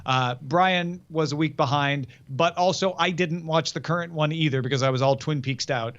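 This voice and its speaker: A man's voice: a little high, moderate pace, fairly bright tone, dull audio. A man co-hosting a podcast, chatting casually about TV episodes. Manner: chatty, reads listener mail aloud. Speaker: podcast co-host.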